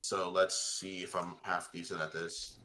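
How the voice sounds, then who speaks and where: A man's voice: deep voice, little pitch movement, normal speed, sharp tone. A man in casual chat while gaming, teasing his friends with mock-menacing banter.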